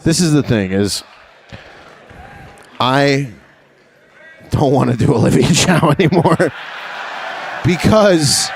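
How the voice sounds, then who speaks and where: A man's voice: fairly high pitch, expressive, takes it slowly, creaky, pauses often, a little hiss or hum. A young man doing stand-up on a live stage, brash and profane, chatting with the crowd and laughing at his own jokes. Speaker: stand-up comedian.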